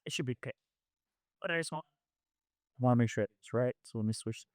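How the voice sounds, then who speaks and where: A man hosts a podcast from a studio, talking in a casual, rambling way as he sorts out an audio problem. His voice sits at an ordinary middle pitch. The room sounds dry and close, with no echo. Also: quick pace, darkish tone. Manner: fussing over audio levels, loose and chatty. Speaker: podcast host.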